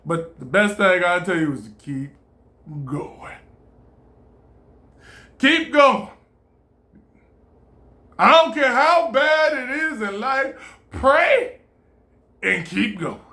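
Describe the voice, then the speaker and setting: Man, motivational monologue, bright voice, animated, preachy, profane. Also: high-pitched, slow pace, long pauses. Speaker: vlogger.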